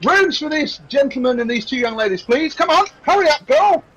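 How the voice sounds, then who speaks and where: Fussy innkeeper, as a man puts him on, stammering, bright and lively. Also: very high-pitched, brisk, background noise, pitched above the performer's own voice. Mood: flustered. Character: flustered middle-aged male innkeeper.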